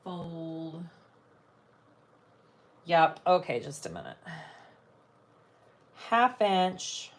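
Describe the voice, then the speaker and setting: Speaking very slowly with long pauses, a woman uses a lowish voice full of big pitch swings. It's a casual live sewing chat where she narrates her thoughts as she works and engages her viewers.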